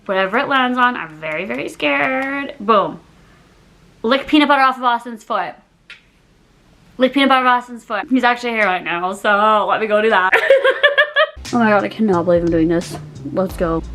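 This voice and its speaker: A woman's voice: medium pitch, brisk, long pauses, fairly bright tone. A young woman doing a casual dare-challenge vlog, giggly and exclamatory, laughing often. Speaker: YouTuber.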